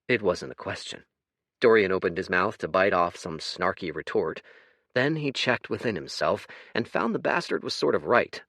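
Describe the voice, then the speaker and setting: A man narrating a science fiction audiobook in an expressive scripted reading. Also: deep voice, a little slow, no echo, studio quality. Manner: expressive, shifts voice for characters.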